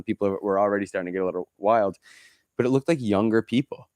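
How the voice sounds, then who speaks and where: Man, podcast co-host, casual rambling chat, smooth clear voice, dry sound. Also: fairly low pitch, quick pace, a little mellow, no room sound. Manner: rambling storyteller, lots of fillers and restarts; mimics people in quoted asides.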